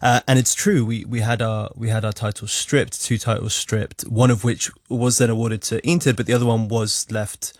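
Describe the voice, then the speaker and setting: A man's voice: on the low side, little pitch movement, moderate pace, hardly any pauses, dry recording. A man talking as a guest in a radio studio, thoughtful and slightly hesitant. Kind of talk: studio discussion.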